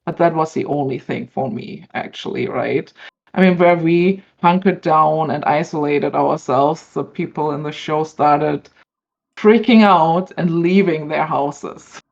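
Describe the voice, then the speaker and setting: A woman on a fan panel, speaking thoughtfully and hesitantly with many pauses and fillers. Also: low-pitched, gravelly. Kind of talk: casual panel discussion. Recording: dull lo-fi stream audio.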